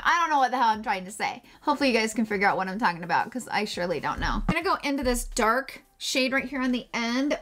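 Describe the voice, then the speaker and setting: A woman's voice: fairly high pitch, a bit bright. A woman doing a casual makeup tutorial, gushing and chatty, who swears casually and jokes at her own expense. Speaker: beauty vlogger.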